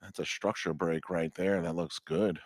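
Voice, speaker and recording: A man hosting a live morning trading stream, loud and jokey, breaking into shrill squealing impressions between his market chatter. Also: steady tone, normal speed, dry recording, clean studio sound. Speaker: host.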